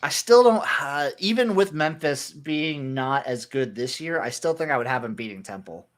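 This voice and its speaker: Male podcast co-host, slightly higher voice, relaxed picks chat with a blunt edge. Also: normal speed. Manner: laid-back, opinionated, swears casually. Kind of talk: casual sports betting chat.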